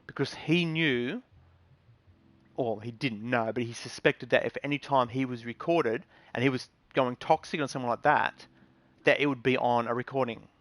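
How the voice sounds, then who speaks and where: Man, gaming vlog host, aggrieved rant, stop-start with ums, medium pitch, dry sound. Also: normal speed, a bit bright, no echo. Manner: rambling and aggrieved, many ums and restarts.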